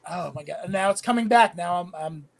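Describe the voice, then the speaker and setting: A man on a live panel show, high and drifting in and out, telling a rambling story full of swearing. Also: moderate pace, vocal fry. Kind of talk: casual live panel chat.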